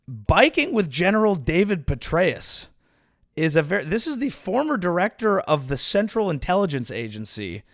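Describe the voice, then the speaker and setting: Sarcastic rambling comedian host. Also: male voice, no room sound, clean studio sound. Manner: sarcastic, rambling, animated with pitch jumps. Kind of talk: casual comedic commentary.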